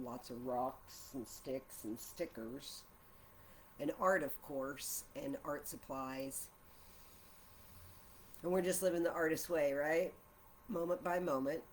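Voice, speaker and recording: A woman vlogging while she draws in her art journal at home, talking in a soft, meandering way full of rhyming affirmations, recorded on a camera mic. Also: extremely low pitch, slight background noise. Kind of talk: meditative casual chat while drawing. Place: at home, seated at a desk.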